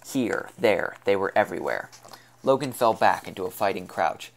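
A man's voice: low voice, expressive, moderate pace, gravelly. Man narrating an audiobook. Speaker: audiobook reader. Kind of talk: scripted narration.

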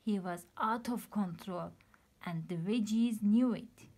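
A woman teacher reading a children's picture book aloud, often in a soft, near-whispered narrating voice. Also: mid-range voice, slow. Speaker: preschool teacher.

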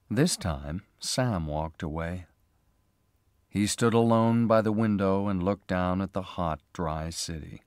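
Slow, low-voiced male storyteller. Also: darkish tone, no echo, studio quality. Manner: slow, careful, clearly spoken. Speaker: narrator. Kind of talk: scripted storybook narration for learners.

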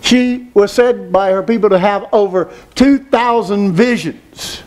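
Male preacher, high voice, emphatic sermon delivery with rhetorical questions. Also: a little slow, darkish tone. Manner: emphatic, asks rhetorical questions, repeats phrases.

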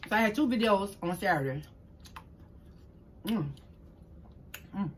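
A middle-aged woman from New Orleans with a Southern accent, chatting fast and stumbling over her words as she tells a story while eating on camera at home. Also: mid-range voice, animated, a little hiss or hum. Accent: Southern US, New Orleans tinge. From New Orleans, Louisiana. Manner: talks fast, stumbles over words, calls listeners "child". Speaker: mukbang vlogger host. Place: indoors at home, green screen.

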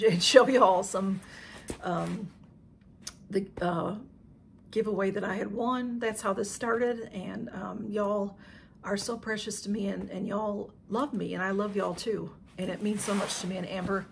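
Her voice is medium in pitch, gravelly and steady, moving at a moderate pace with a little hiss or hum behind it. She's a YouTube vlogger chatting casually through an unboxing, gushing with feeling and repeating her thanks.

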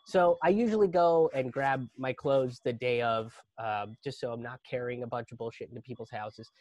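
A young man telling a comic story live over a video stream, animated and profane, working himself up into exaggerated panic. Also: medium pitch, moderate pace, no room sound, lo-fi sound. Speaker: comedian and storyteller. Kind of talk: live virtual comedy storytelling.

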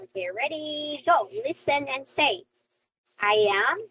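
A woman's voice: sits high, animated, takes it slowly, sharp tone, dull audio. A woman teaching an online English lesson to a young child, coaxing and sing-song, heard over a video call.

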